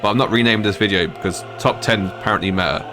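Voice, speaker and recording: A man's voice: lowish voice, fast talker, over music. A man from the United Kingdom giving a ranting game review as a gaming video creator, with exasperated, mocking complaints.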